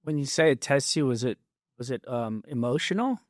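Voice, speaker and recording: A man's voice: mid-range voice, expressive, a little fast, no room sound, clean studio sound. A man interviewing a friend, asking short questions and reacting with encouraging remarks. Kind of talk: conversational interview.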